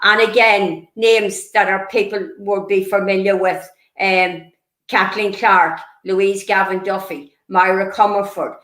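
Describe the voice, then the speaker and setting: A woman's voice: medium pitch, steady tone, measured pace, fairly bright tone. Woman giving an echoey history talk. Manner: earnest, explanatory, many fillers and restarts. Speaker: local history presenter.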